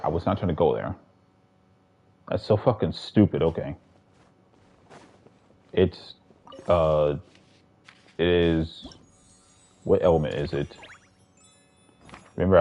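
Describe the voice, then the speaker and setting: Over dull, lo-fi audio like compressed stream sound, a man with a very low voice rambles and swears through casual commentary on his gaming livestream. He's a little slow, pauses often, and keeps restarting sentences.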